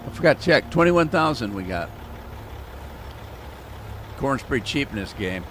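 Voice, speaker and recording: A man's voice: mid-range voice, sing-song, moderate pace, a bit bright, a little hiss or hum. A man streaming a farming game, chatting casually with his viewers while he plays. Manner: chatty, talks to chat viewers while playing. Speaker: gaming streamer. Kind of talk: casual live-stream commentary.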